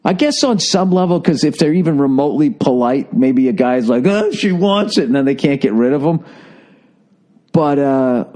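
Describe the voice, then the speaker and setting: A man's voice: medium pitch, moderate pace, warm tone. A man, a comedian, ranting on his own podcast with profane exasperation and frequent restarts. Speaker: stand-up comedian and podcast host. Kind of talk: solo podcast rant.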